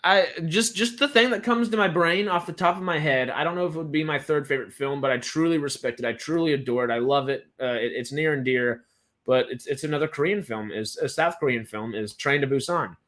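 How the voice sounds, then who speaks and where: A young Texan film news co-host rambles enthusiastically during a casual live-stream chat. His male voice is fairly high and fairly bright, brisk, with stammering restarts.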